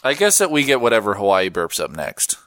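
A man's voice: wildly swooping pitch, fairly quick, a bit bright, no room sound, studio quality. A man co-hosting a casual podcast, goofy and joking, riffing on the stories. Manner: goofy, riffs and jokes, swings pitch a lot. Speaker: podcast co-host. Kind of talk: casual chat.

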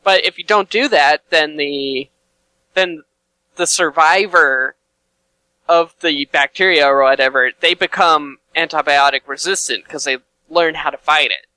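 A man's voice: on the high side, measured pace, sharp tone, clean tone, no echo, rough recording. A man co-hosting a casual podcast, easygoing and agreeable, laughing often. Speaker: podcast co-host. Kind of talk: casual chat.

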